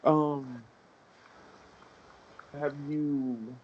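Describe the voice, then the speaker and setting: A man playing his character in a tabletop game, speaking in a halting, earnest way. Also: mid-range voice, fairly even intonation, slightly rough, dull audio. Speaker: player.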